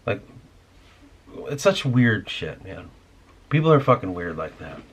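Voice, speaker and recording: A man's voice: fairly low pitch, very animated, unhurried, breathy edge. A man hosting a podcast, delivering a rambling, irritated, profane rant in casual talk. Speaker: podcast host.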